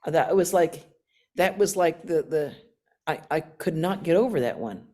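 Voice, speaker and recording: A woman in her sixties from the United States, a nun giving a talk and telling stories from her life in an animated, self-mocking way. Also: low voice, measured pace. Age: 60s. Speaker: guest speaker, nun. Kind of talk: storytelling talk with questions.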